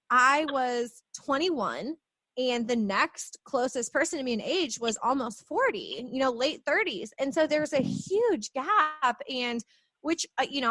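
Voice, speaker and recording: A bubbly young adult woman hosting a podcast, telling stories in a lively, animated way in casual chat. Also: on the high side, no room sound.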